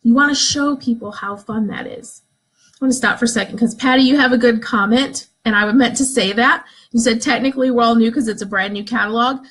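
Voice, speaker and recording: Leading a live video session for her direct sales team, a woman addresses new members directly, cheerful and encouraging, and acts out excited examples. Her voice sits on the high side, gravelly with a breathy edge, and the phone or webcam stream is low quality.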